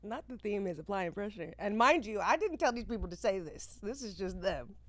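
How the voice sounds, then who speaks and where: A woman in her thirties hosts a podcast with lively, slang-filled, exclamatory chat. Her voice sits at an ordinary middle pitch. The sound is close and dry, with no room around it. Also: a little fast, dry recording. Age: 30s. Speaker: podcast host.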